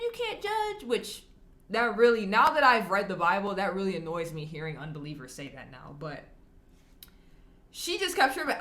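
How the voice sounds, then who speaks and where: A woman talking casually to camera as a vlogger answering viewer comments, chatty and candid, often laughing as she talks. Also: on the low side. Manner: animated, acts out quoted people in shifting voices.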